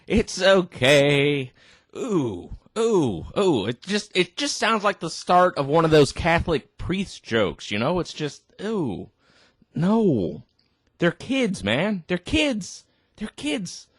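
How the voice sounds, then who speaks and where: A tipsy man rants at a video he is watching, crude and laughing in disbelief. His voice sits a touch high and swings widely, and he talks slowly in a dry, close sound. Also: sing-song, slightly rough, dry recording. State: drunk. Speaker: vlogger reacting to a video. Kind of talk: ranting reaction commentary.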